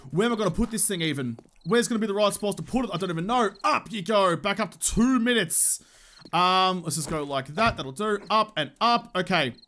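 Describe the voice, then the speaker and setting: A man's voice: sits high, expressive, a little fast, sharp tone. Frantic man narrating gameplay. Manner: frantic and swearing, talking to himself. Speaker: gaming channel host. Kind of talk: live gameplay commentary.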